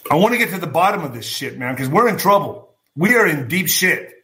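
A man's voice: on the high side, very animated, a little fast, pushed and bright. A man ranting bluntly and profanely as a commentary vlogger, talking straight to his viewers. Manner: blunt, swearing, emphatic, addresses viewers as folks. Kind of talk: profane political commentary rant.

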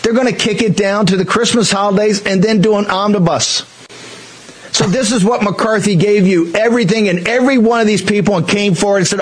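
A man on political talk radio, speaking in a fast, combative and emphatic way. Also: sits high, rough recording.

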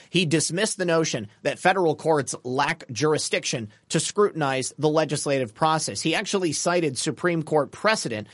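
A man's voice: on the high side, no room sound, studio quality. Chatty livestream host man. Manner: chatty, animated, thanking viewers by name. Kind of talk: casual livestream commentary.

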